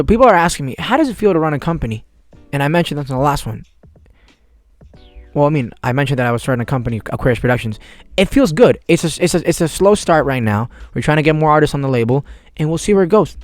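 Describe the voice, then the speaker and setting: Young man, casual solo podcast, fairly high voice, rambling slangy talk, dry close sound. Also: animated, fast, no echo, soft background music. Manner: rambling, laid-back slang with cursing. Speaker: podcast host.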